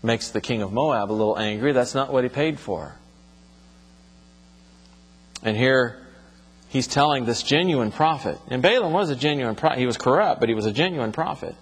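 A man's voice: mid-range voice, animated, normal speed, long pauses, breathy edge. Man teaching scripture in an echoing room. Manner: reads scripture aloud, then explains it in plain talk. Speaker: Bible teacher. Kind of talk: expository Bible teaching.

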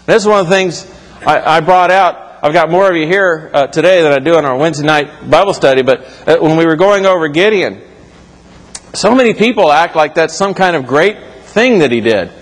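A man's voice: a little high, animated, a little fast. A man preaching a sermon to his congregation in a church, talking it through conversationally and correcting himself as he goes. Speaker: pastor. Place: church sanctuary. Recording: reverberant hall.

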